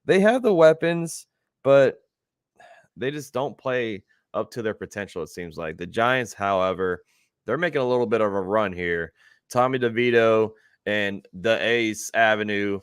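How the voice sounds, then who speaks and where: A man's voice: on the low side, lively intonation, a little slow, smooth, no echo, clean studio sound. A man co-hosting a casual football talk show, laid-back and chuckling, greeting chat viewers as he talks. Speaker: sports show co-host.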